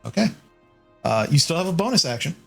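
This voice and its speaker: A man's voice: fairly high pitch, big pitch swings, fast talker, vocal fry, soft background music. A man narrating as game master in a casual tabletop game, describing the action loosely with many fillers.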